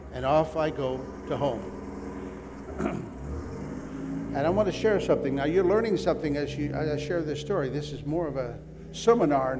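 Older male evangelist with a slightly high voice, animated storytelling testimony, recorded in a reverberant hall. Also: background noise. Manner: animated storyteller, voices his wife and prayers, excited swings. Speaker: literature evangelist. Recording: long hall reverb, faint music.

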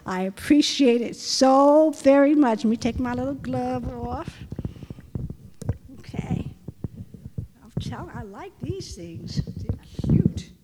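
A high-pitched woman leads a church testimony meeting, calling out praise and hallelujahs between speakers. Her voice rings with the long reverb of a church hall. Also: lively intonation, takes it slowly, long pauses, very noisy. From Florida, USA. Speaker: prayer meeting leader.

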